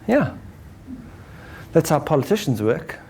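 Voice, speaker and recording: Brief: higher-voiced man lecturing a crowd, lively, acts out his examples. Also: a little slow, vocal fry, husky. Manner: animated, acts out examples, ends points with "right?". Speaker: speaker. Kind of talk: lecture to an audience.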